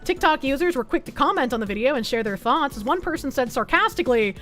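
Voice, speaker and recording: A woman's voice: sits high, animated, quick pace, hardly any pauses, fairly bright tone, soft background music. A young woman streamer reading an article aloud and reacting with blunt, sarcastic, swearing commentary.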